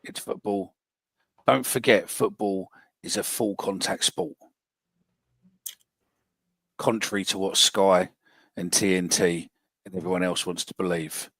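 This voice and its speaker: Blunt man, very low voice, dry close mic, podcast host reading fan predictions. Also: fairly even intonation, measured pace, long pauses, a bit bright, no room sound. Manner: blunt, swears freely. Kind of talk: casual football podcast chat.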